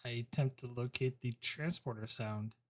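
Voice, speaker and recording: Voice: medium pitch, moderate pace, a little hiss or hum. A player at a tabletop game speaks in a mid-range voice. They describe their character's moves casually and offhandedly. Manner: casual, narrates own actions.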